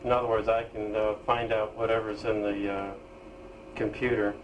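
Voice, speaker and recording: A man demonstrating his own screen reader program, explaining it in a halting way with pauses and fillers. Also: on the low side, level tone, a little hiss or hum, poor audio. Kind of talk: casual software demonstration.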